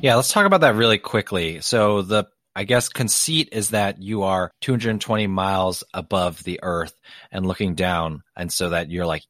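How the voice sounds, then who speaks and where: A man co-hosting a casual podcast chat, relaxed and conversational, steering the talk from topic to topic. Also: low-pitched, dry recording, clean studio sound. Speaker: podcast co-host.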